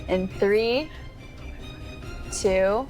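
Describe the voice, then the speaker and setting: A woman hosting a game show, announcing the rules in a measured way. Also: medium pitch, darkish tone, faint music behind.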